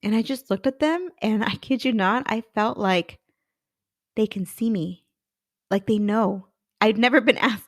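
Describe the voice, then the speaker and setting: A woman in her thirties, a career coach who hosts a podcast, candidly tells her own story and acts out what she used to think. Her mid-range voice keeps a moderate pace, and the recording is dry and studio quality.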